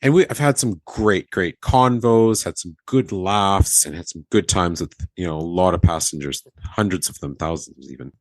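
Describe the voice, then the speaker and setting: A former flight attendant, a man with a low voice, tells a story casually on a podcast at a moderate pace with few pauses. He's animated, acting out the quoted dialogue and laughing often, and the recording is dry.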